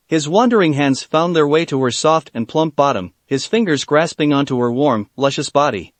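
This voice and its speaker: A man narrating a fan fiction story aloud in an expressive storytelling manner. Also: a little high, brisk, few pauses, no room sound.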